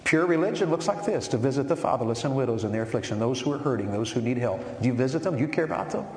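A man's voice: medium pitch, lively intonation, racing. Male preacher in an echoey hall. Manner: rhetorical questions, building to forceful emphasis. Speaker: preacher at a men's meeting. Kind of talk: sermon. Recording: echoey hall with long reverb and faint noise.

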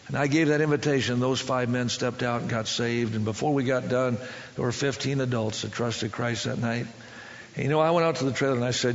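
A man preaching a sermon as a story, animated, with stammering restarts that build to shouting. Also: medium pitch, fairly quick, vocal fry, long reverb tail, highs cut off.

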